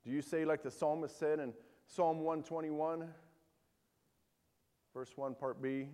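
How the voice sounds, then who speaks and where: A male pastor delivers a sermon with earnest conviction, reading scripture aloud and pressing his listeners with questions. His voice sits a little high for a man. A long hall reverb trails behind his words. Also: steady tone, a little slow, mellow. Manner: earnest preaching with rhetorical questions.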